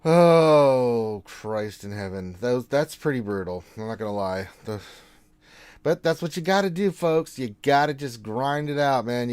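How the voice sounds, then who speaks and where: A man hosting a casual gaming livestream, reading out viewer greetings and answering them in a relaxed, chatty way. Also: on the low side. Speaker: game streamer host.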